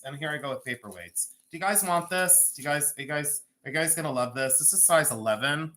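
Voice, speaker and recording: A bright, forceful voice of a host selling rings on a live stream from home. The talk is loose and joking, with frequent laughter between prices and stone names. Pitch sits in the middle of the range. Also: lively intonation, fast talker, few pauses, slight background noise. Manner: chatty, joking, laughs often. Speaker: host of a live jewelry sale.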